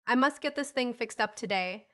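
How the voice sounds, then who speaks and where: A gruff, impatient old gentleman who barks his words in a bright, brisk tone, as a woman reads him in an audiobook. He is bossy and short with everyone, snapping back whenever anyone talks over him. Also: fairly high pitch. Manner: brusque and impatient.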